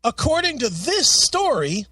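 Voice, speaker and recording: A man with a fairly high voice, talking bluntly and cursing in nearly every sentence. He sounds a little off the mic, in a dry room with no echo. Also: very animated, measured pace, sharp tone, far from the mic, faint music behind. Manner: blunt and heavily profane. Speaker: podcast co-host. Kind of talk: casual chat.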